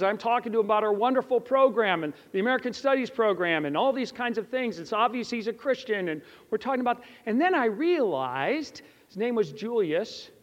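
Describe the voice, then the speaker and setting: A high-voiced man preaches a sermon in an echoey chapel, weaving in a personal story and putting rhetorical questions to his listeners. He's earnest, and the hall recording sounds slightly dull.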